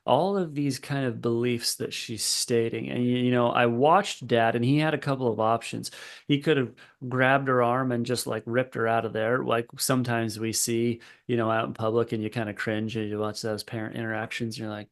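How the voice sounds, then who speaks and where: A man, a therapist and podcast guest, telling a story in a relaxed conversational way with fillers. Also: medium pitch, moderate pace. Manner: relaxed, lots of fillers and restarts.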